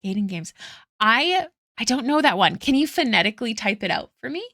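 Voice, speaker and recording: A woman's voice: fairly high pitch, very animated, a little fast, bright, forceful tone, no echo, clean studio sound. A woman streaming her art live, chatting casually with viewers, giggling often and thanking them one by one.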